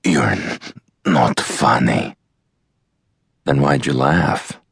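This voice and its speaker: A man voicing a calm, hardened male American operative with a dry, deadpan manner. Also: a bass voice, very slow, creaky, husky, dry recording, heavily acted.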